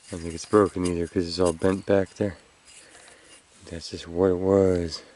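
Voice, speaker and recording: A man's voice: sits low, moderate pace. A man musing aloud as he digs up old metal finds outdoors, filming himself for a metal detecting vlog. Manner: relaxed, musing, thinking aloud. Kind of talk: casual outdoor commentary. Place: outdoors under oak trees.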